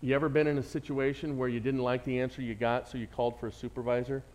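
A man with a mid-range, slightly mellow voice preaches a sermon as a pastor, speaking quickly in a level tone. He puts questions to the congregation and answers them himself in a call-and-response style.

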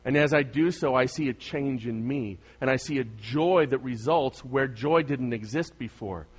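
A man preaching a sermon as pastor, asking his congregation questions and swinging from loud emphasis to soft, quiet asides. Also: mid-range voice, moderate pace, slightly rough.

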